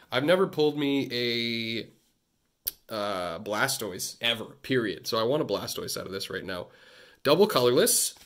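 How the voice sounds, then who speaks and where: A man from Canada chatting through a casual card-opening vlog, talking close to his phone and cracking jokes between excited outbursts. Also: mid-range voice. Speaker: vlogger. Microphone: phone held close.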